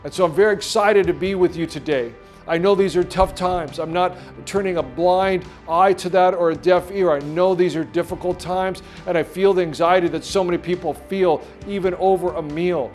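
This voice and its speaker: Earnest preaching man, slightly high voice. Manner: earnest, repetitive preaching with pauses and restarts. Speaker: pastor. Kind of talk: sermon.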